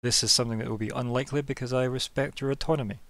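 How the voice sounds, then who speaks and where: A man voicing a smug, imperious male alien patron who gives orders in an oily, condescending, drawn-out way. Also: mid-range voice, steady tone, a bit bright, pitched above the performer's own voice, natural voice. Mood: commanding.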